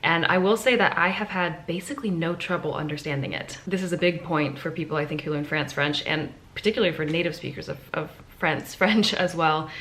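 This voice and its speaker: A woman's voice: low voice, a bit bright, slight background noise. A woman talking casually to camera in a hotel room, chatty and enthusiastic as she thinks aloud. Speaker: travel vlogger. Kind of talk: casual vlog talk to camera.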